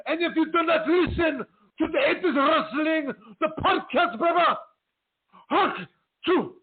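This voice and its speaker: A bellowing wrestler impression with a thick put-on accent, far higher than his usual voice, roaring a broken-English promo. The sound comes through a tinny, phone-like line. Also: measured pace. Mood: bombastic.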